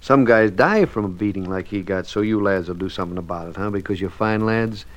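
An actor playing a breezy, mock-friendly man who talks smoothly in a radio drama. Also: on the low side, fairly quick, lightly acted. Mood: glib. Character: glib, breezy man, the husband's buddy.

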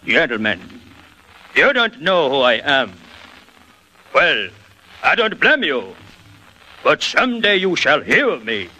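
Man impersonating a suave mystery man, slow and flat, very bright tone. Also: a little high, heavily acted, poor audio. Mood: brooding. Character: suave, mysterious man with a near-monotone baritone.

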